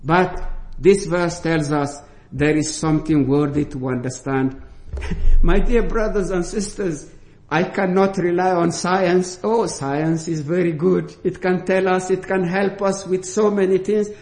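A man preaching a sermon, slow and deliberate, stressing key words with rising emphasis. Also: high-pitched, darkish tone. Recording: echoey room.

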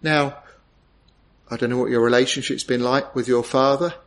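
A man's voice: mid-range voice, steady tone, normal speed. A middle-aged man preaching a sermon, earnest and tender, rising to emphatic peaks.

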